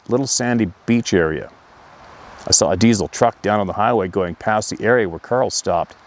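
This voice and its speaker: A man, host of an outdoors channel, earnestly recounting a painful personal memory in slow, emotional storytelling. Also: low voice.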